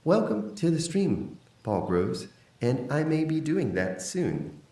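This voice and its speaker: Guy doing a muffled masked villain voice, slow and drawn out, kinda far off the mic. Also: a little high, sing-song, dark tone, roomy sound, pitched above the performer's own voice. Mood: mock menacing. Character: man doing a masked breathy sci-fi villain voice.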